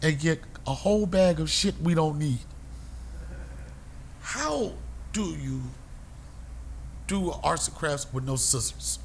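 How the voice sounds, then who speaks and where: ऊँची आवाज़ वाला एक आदमी, जो कॉमेडी पॉडकास्ट पर जोशीले और गालियों भरे अंदाज़ में किस्से सुनाता है।. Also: male voice, on the high side, slow, creaky, long pauses, a little hiss or hum. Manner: animated and profane, acting out other people's voices. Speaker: podcast host. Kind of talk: comedic storytelling.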